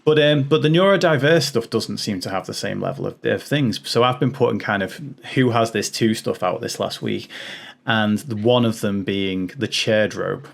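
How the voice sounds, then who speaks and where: A man's voice: fairly low pitch, moderate pace, gravelly. A man hosting a podcast, chatting casually with many restarts and frequent laughs. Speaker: podcast host. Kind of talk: casual chat.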